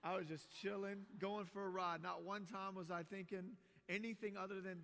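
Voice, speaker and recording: High, bright-voiced man preaching. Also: normal speed, creaky, few pauses. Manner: animated preaching that swells loud, with casual asides. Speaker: pastor. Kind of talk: sermon. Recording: long reverb of a large hall.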